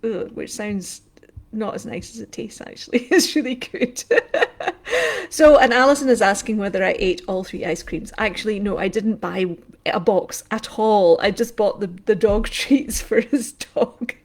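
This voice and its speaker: A woman's voice: medium pitch, a little slow, a little mellow. A woman hosting a casual craft livestream from home, rambling from topic to topic, laughing often and greeting viewers by name. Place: indoors at home.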